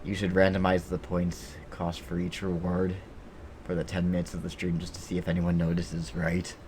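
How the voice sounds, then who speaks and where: A man's voice: low-pitched, completely flat delivery, normal speed, a little mellow, a little hiss or hum. A man chatting casually with his live-stream viewers while playing a game, rambling and joking with the chat.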